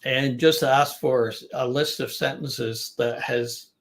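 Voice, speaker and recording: A man's voice: medium pitch, steady tone, takes it slowly. An older man coaching business English in a chatty talk, restarting sentences and repeating words to show their stress. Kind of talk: informal online teaching talk.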